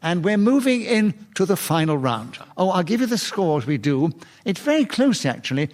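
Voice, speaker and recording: A man chairing a radio comedy panel game, giving brisk, genial rulings and reading out scores. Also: sits high. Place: radio studio with live audience.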